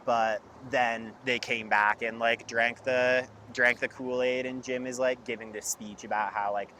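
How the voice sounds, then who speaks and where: A man's voice: mid-range voice, little pitch movement, unhurried, pushed and bright, a little hiss or hum. A young man telling a long story in casual chat, rambling and filling his sentences with "like". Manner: rambling storyteller, heavy use of "like". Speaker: podcast guest.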